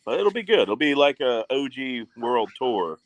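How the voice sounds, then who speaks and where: A man's voice: medium pitch, sing-song, moderate pace, no room sound, low-quality recording. A man hosting a live fishing stream, trading profane, joking banter with guests. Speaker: stream host. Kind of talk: casual stream chat.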